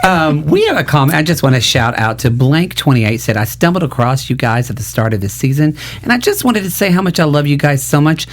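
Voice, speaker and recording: A man's voice: fairly high pitch, very animated, a little fast, hardly any pauses. A man hosting a casual after-show panel, chatty and playful, reading viewer comments and joking with his guests. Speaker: host.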